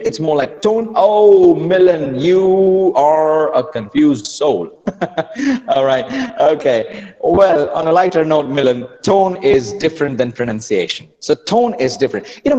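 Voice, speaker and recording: A man's voice: a little high, in a large hall, poor audio. Upbeat man teaching online. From India. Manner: energetic, repeats phrases, prods learners for quick chat replies. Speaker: online English trainer. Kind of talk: live online class.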